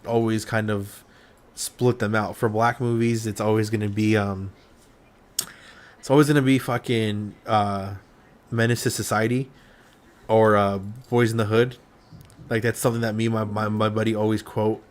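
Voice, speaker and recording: A man's voice: lowish voice, little pitch movement, normal speed. A man hosting a casual chat, who talks loosely and enthusiastically and curses freely. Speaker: podcast host.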